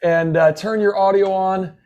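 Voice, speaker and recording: A man hosts a webinar in a notably high voice. He is eager and effusive, and his praise tumbles out with plenty of "uh"s. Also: steady tone, unhurried, darkish tone, muffled recording. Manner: eager and effusive, with many fillers. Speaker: webinar host. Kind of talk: upbeat guest introduction.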